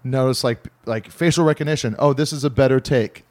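A man's voice: mid-range voice, fairly quick. Rambling, laughing male podcast host. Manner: rambling, laughing, animated storyteller. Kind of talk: casual chat.

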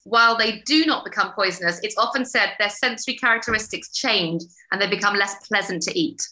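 A woman chats on a podcast and jumps in quickly, talking fast. Her voice is bright and forward. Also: mid-range voice, rough recording. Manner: chatty, quick to jump in. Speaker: podcast co-host from the office. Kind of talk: casual chat.

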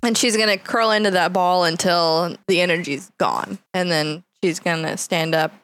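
A woman's voice: on the low side, moderate pace, fairly bright tone. Chatty woman player. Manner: chatty, lots of "like". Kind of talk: casual tabletop play.

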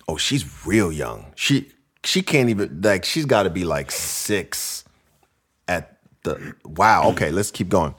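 A male podcast host with a lower-pitched voice that swings widely as he jokes through listener submissions. He laughs often and reacts in an animated, playful way while chatting casually with his guest. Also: takes it slowly, breathy edge. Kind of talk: casual comedy podcast chat.

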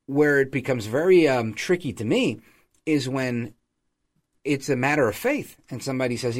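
A man's voice: medium pitch, normal speed. A man hosting a podcast, delivering a political commentary monologue and breaking into mocking impressions of radio ads. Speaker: podcast host.

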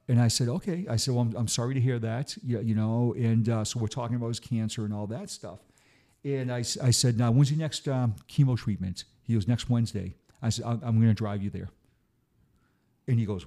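A man's voice: mid-range voice, mellow. A middle-aged man, a retired police officer, telling stories in a casual chat, often stammering and repeating words. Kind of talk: casual storytelling.

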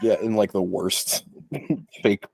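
A man's voice: fairly low pitch, takes it slowly, gravelly, no room sound. A man co-hosting a podcast, chatting casually about a movie, joking and acting out characters' lines. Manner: animated, joking, acts out lines in silly voices. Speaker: podcast co-host. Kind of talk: casual movie review chat.

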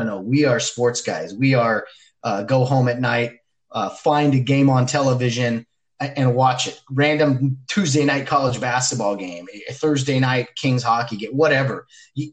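A man in casual chat, talking loudly and emphatically with many fillers. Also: mid-range voice, normal speed. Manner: loud, emphatic, rambling.

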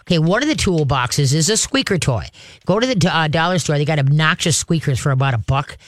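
A man training an owner in dog recall, talking casually and breaking into high, excited calls as he shows how to call the dog. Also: fairly quick. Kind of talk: casual hands-on instruction.

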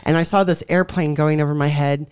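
A woman's voice: deep voice, steady tone, brisk, a little mellow, smooth, dry recording, clean studio sound. A young woman, a guest in a faith interview, who tells her own story with energy and acts out what she and others said.

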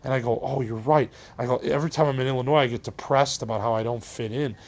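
Husky-voiced tired man venting. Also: mid-range voice, steady tone, fast. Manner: rambling, trails off, restarts, swears casually. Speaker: podcast host. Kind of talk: rambling solo podcast monologue.

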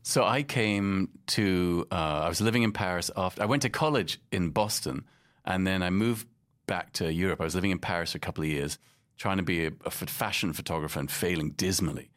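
Man, middle-aged, from london and casablanca, lowish voice, wry, self-mocking, laughing storyteller. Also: brisk. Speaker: podcast host and guest. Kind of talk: casual interview chat.

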